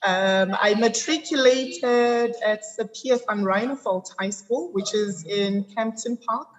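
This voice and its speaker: A South African woman in her thirties, an attorney being interviewed, telling her background in a measured, detailed way with frequent ums. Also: fairly high pitch, dull audio. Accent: South African English. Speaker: guest. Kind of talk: interview conversation.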